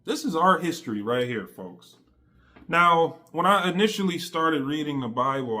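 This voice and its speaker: Lively, bright-voiced man preaching casually. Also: mid-range voice. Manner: conversational, slangy, emphatic preaching. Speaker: faith vlogger. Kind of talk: casual testimony monologue.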